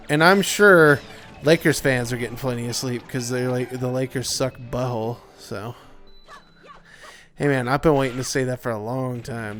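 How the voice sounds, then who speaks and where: A young man with a medium-pitched, slightly bright voice rambles through casual let's play commentary, sounding tired, yawning, and full of filler words.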